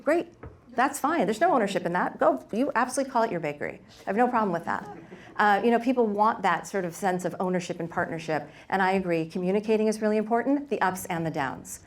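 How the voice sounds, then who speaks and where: A middle-aged woman who founded a bakery, speaking candidly on a workshop panel and telling lively stories with quick asides. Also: mid-range voice.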